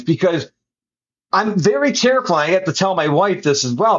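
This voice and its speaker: A man's voice: high voice, expressive, normal speed, highs cut off. A man hosting a podcast interview, talking earnestly about serving others in casual chat. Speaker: podcast host.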